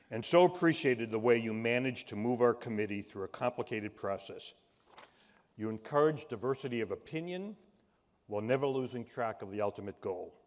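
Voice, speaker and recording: A man with a Boston accent giving a measured, warm tribute speech at a gala, turning fumbling when he improvises. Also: medium pitch. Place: large event hall. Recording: reverberant hall.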